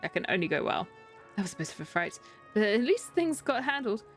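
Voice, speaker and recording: A woman's voice: mid-range voice, sing-song, a little fast, fairly bright tone. British girl streamer chatting over her game, giggly, faint music behind. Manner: giggly, reads game text aloud. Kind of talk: casual game stream commentary.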